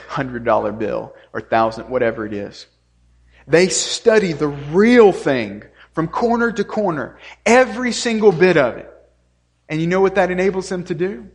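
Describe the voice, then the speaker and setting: A male preacher delivering an earnest sermon, stressing points by repeating them. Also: on the high side. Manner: earnest, repetitive preaching with emphatic lists. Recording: long reverb of a hall.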